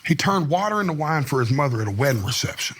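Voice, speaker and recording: Husky, high-voiced man telling animated stories. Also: fast talker. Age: adult, married. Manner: animated, profane storytelling. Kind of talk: casual chat.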